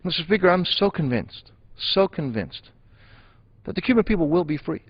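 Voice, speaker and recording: A man's voice: a little high, animated, moderate pace, breathy edge, highs cut off. Emphatic man giving a floor speech. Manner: emphatic, repeats phrases for stress. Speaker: member of Congress. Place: legislative chamber.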